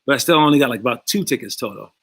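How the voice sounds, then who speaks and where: A man coaching young basketball players, talking in a calm, conversational way and acting out the voices of people in his stories. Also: mid-range voice, very fast, husky, no echo. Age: adult past college.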